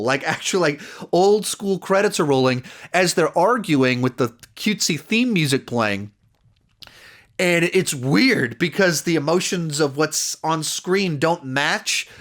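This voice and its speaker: A man's voice: a little high, fairly bright tone. Chatty man recapping a TV episode. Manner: rambling recap full of "like" and "you know", acting out quoted lines. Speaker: TV series reviewer. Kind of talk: casual spoken episode review.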